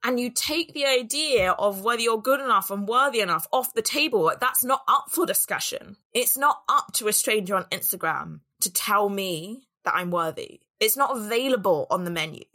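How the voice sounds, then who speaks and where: A woman's voice: mid-range voice, lively intonation, moderate pace, few pauses, pushed and bright. A woman business coach giving an earnest, reflective solo talk on self-worth and voicing the doubts in people's heads.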